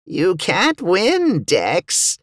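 A man voicing a slow-talking scheming djinn. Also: high-pitched, huge pitch swings, a bit bright, dry recording, studio quality, voice pushed up, full character voice. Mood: smug. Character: scheming male djinn, arrogant then cowering.

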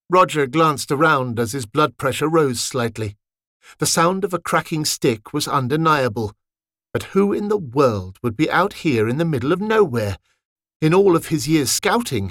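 Man, storyteller, expressive wry narration, lively pitch, dry close sound. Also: dry recording. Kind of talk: read-aloud fantasy story narration.

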